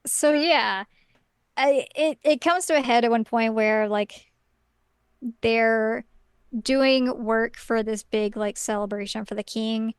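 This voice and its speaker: A woman's voice: fairly high pitch, takes it slowly, clean tone, dry recording. A woman co-hosting a podcast, casually recapping a story in a chatty way full of "like" and "um". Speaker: podcast co-host.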